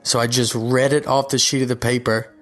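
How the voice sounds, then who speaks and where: A man's voice: medium pitch, level tone, brisk, soft background music. Self-deprecating young man with a comic monologue. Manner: self-deprecating, rambling with restarts. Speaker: comedian recording a guest spot. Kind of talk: casual comedic monologue.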